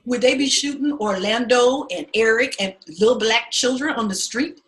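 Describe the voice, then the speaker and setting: A woman's voice: a little high, moderate pace, a bit bright. A woman teaching an acting class, telling stories emphatically, cursing freely and laughing often. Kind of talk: animated storytelling lecture.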